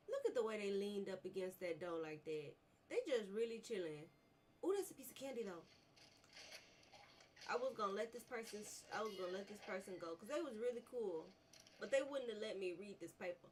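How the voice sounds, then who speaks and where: A woman's voice: mid-range voice, animated, a little fast, slight background noise. Chatty woman narrating her gameplay. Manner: chatty, talks to herself and viewers. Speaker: gaming vlogger. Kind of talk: casual gameplay commentary. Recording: voice a little distant from the mic.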